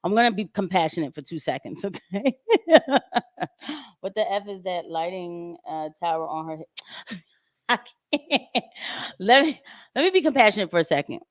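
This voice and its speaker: A woman's voice: lowish voice, expressive, normal speed, long pauses, no room sound. Young woman ranting on her stream, sarcastic and blunt, dry sound, laughs a lot. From of Haitian descent. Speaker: show host. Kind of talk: casual commentary livestream.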